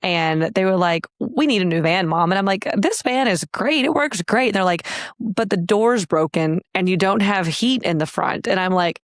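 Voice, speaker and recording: A woman's voice: on the low side, normal speed, no room sound, studio quality. A woman in her thirties co-hosting a podcast in casual, rambling chat, laughing often and leaning on "like" and "you know". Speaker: podcast co-host.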